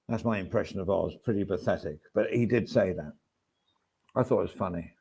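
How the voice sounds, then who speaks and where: A man talks loosely to his viewers in a low, gravelly voice, drifting between topics. He drops wry asides and small self-mocking remarks as he goes. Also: fairly quick, mellow. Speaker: vlog host. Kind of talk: casual chat to camera. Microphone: swaps between mics.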